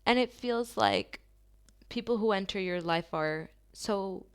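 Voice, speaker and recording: A woman giving a channeled tarot reading to her viewers, talking softly and slowly in an affirming way, with long pauses. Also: medium pitch, clear, resonant tone. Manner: soft, slow and affirming, with drawn-out pauses.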